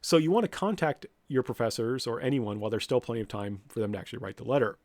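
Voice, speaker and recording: A man's voice: mid-range voice, fast talker, hardly any pauses, dry recording. Middle-aged guy professor giving a blunt no-nonsense lecture, mid voice, dry sound. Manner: blunt, direct, with lively mock-quotes. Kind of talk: lecture to students.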